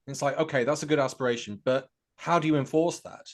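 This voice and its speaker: A man's voice: medium pitch, fast. A man co-hosting a casual political chat, joking and laughing readily. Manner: lively, jokey, laughs often.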